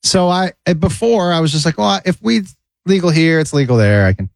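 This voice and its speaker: A man telling a story in a casual radio chat, acting out other people's lines in a higher voice. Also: animated, fairly quick, gravelly, no room sound. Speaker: podcast co-host.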